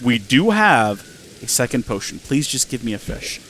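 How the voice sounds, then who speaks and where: A man hosting a gaming channel, talking excitedly to himself and the game as he plays. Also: medium pitch, moderate pace, slight background noise. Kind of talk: let's-play commentary.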